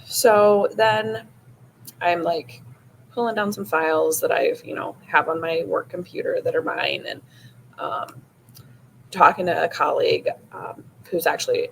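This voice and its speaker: A woman's voice: sits low, gravelly, slight background noise, poor audio. A woman hosting a podcast, telling a personal story casually with many "like"s and "you know"s. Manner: casual, frequent "like" and "you know", retelling with rising emotion. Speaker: podcast host.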